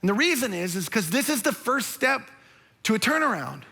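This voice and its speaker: Pastor guy preaching, high bright voice, acts out the story lively then goes soft and earnest. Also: normal speed, creaky, breathy edge. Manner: animated storytelling, acting out characters with emphasis; drops to a soft, earnest tone when addressing listeners directly. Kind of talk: sermon.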